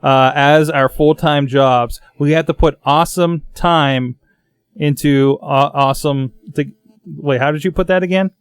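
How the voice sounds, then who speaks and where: A man's voice: fairly high pitch, fairly even intonation, measured pace, smooth, dry recording. A man hosting a casual tech podcast from a basement studio, talking in a rambling way with many restarts. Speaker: podcast host.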